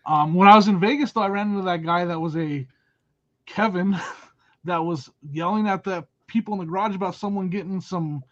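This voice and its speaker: A man's voice: high voice, fairly quick, a bit bright. A man co-hosts a casual podcast chat in a slightly raised voice. He tells his stories with dry, self-deprecating humor. His audio comes through dull and lo-fi. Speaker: podcast co-host.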